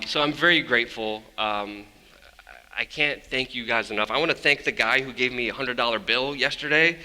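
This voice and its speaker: A man, a journalist, giving an energetic, blunt storytelling talk on a conference stage, swearing casually as he goes. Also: medium pitch. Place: large conference hall stage. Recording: long hall reverb.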